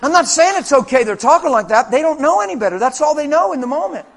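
High-voiced man preaching a sermon. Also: quick pace, a little hiss or hum. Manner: animated storytelling with colloquial speech.

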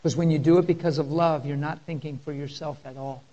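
A male pastor, preaching a sermon in a conversational style and telling personal stories with deep emotion. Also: steady tone, brisk, warm tone, lo-fi sound.

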